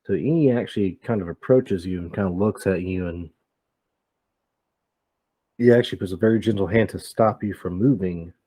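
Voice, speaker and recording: A man's voice: deep voice, moderate pace, long pauses, warm tone, husky, no echo. A man narrating as game master of a tabletop game, talking in a hesitant way with many fillers.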